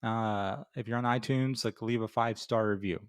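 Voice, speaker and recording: A middle-aged man with a fairly low voice talks casually as the host of a beer review show. He rambles through a story with frequent fillers and false starts, then moves easily into his review. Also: steady tone, moderate pace, clear, resonant tone. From Florida. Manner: rambling with many fillers and restarts.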